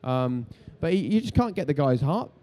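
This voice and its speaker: A man, a TV presenter on a live stage telling animated stories and acting out the voices of people in them. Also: on the high side, slight background noise. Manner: animated, quick, acts out voices in his stories. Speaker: TV sports presenter, interviewed guest. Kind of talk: lively anecdotal storytelling on stage. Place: live event stage before an audience.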